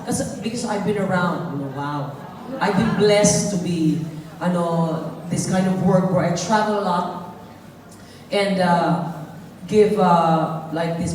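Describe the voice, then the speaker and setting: A woman's voice: lowish voice, unhurried, darkish tone. A woman with a Filipino accent doing bawdy live stand-up comedy, teasing the audience while performing ill. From Philippines. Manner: brash, teasing, bawdy banter with the crowd. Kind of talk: live stand-up comedy, mixing Tagalog and English. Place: large concert hall with a live audience. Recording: echoey hall recorded from far off, crowd noise. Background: audience laughter and hall ambience.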